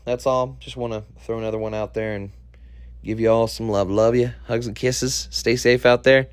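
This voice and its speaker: A man's voice: medium pitch, fairly even intonation, moderate pace, clear, resonant tone, dry recording. A man hosting a solo podcast, ranting in an irritated, profane way. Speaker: podcast host.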